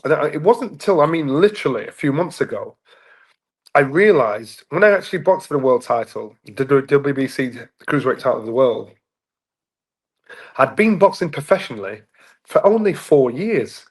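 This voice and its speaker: A man's voice: normal speed, husky. A man in his fifties, a former boxing champion from England, telling stories casually as an interview guest and acting out the voices in them. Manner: animated, acts out voices in anecdotes with rising pitch. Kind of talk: casual storytelling in a sit-down interview.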